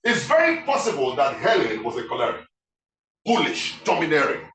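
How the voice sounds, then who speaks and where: Male guest speaker, bright and lively, keeps quizzing the crowd, heard from afar in an echoey room. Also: on the high side, normal speed, far from the mic. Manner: animated, keeps asking the audience questions. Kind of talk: interactive talk to a live audience.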